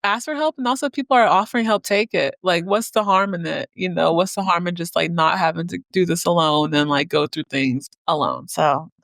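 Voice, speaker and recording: A woman's voice: fairly low pitch, a little fast, gravelly, few pauses, a bit bright, no room sound. A woman hosting a podcast who tells stories in a chatty, rambling way, filling her talk with "like" and laughing often. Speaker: podcast host. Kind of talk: podcast conversation.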